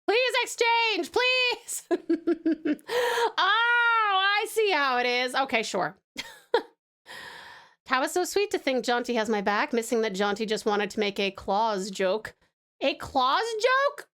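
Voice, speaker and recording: A bubbly, giggly Australian woman from Tasmania chats with viewers on a casual live stream, often gasping and laughing. Her voice is fairly high and a bit bright, her pace measured with long pauses, and she's affectionate toward her audience.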